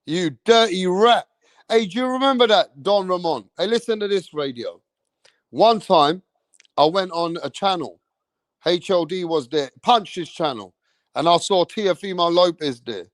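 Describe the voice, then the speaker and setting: A man's voice: high-pitched, lively intonation, moderate pace, no echo, studio quality. A man from England with an English accent, hosting a boxing channel and ranting angrily on a livestream, swearing constantly and repeating himself. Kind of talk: profane livestream rant.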